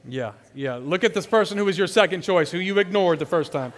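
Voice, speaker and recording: A man's voice: high-pitched, lively intonation, brisk. A man preaching a sermon, telling playful stories and leading the congregation in call-and-response. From San Francisco area. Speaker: guest pastor.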